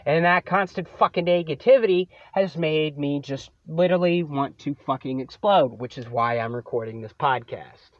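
A man's voice: on the high side, normal speed, hardly any pauses, no room sound, dull audio. A man hosting his own podcast, venting about a coworker in a profane, sarcastic solo rant. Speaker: podcast host.

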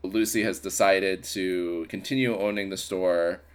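A man with a fairly low voice co-hosts a podcast and recaps a film. His delivery is wry and deadpan, and he slips laughs into his sentences. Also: unhurried. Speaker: podcast co-host. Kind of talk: casual movie recap chat.

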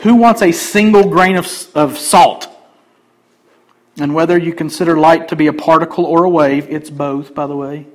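A man pastor preaching a sermon emphatically, swinging between loud declarations and quiet asides. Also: a little high, moderate pace, poor audio.

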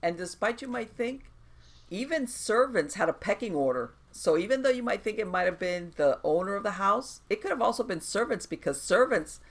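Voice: mid-range voice, lively intonation, moderate pace. A podcast host who explains hauntings in an emphatic way, with many restarts and asides. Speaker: podcast host and paranormal expert. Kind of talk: casual podcast conversation.

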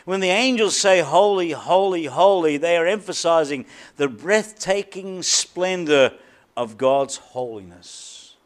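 A man with a high voice preaches a sermon from the pulpit. He leans hard on repeated words and lets key phrases sink to a near hush before rising again. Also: expressive. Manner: emphatic preaching with deliberate repetition and dramatic drops in volume. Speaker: pastor.

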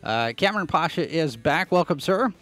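Brisk male talk-show host, bright tone, dry close mic. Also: on the high side, expressive, dry recording, faint music behind. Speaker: podcast host and editor. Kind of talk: live online talk show.

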